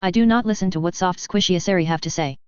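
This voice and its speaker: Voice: medium pitch, fast, a little mellow, clear, resonant tone, no echo, dull audio, natural voice. A narrator voicing a proud, brutish female Krogan warrior who talks bluntly and formally. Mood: gruff.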